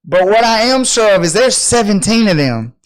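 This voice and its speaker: A man on a podcast spinning a rowdy story in casual, profane talk. His voice sits a little high for a man, and he slips into the people in his story as he goes. The tone stays loose and animated. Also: normal speed, clean tone. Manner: animated, profane, acts out quotes. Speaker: podcast host.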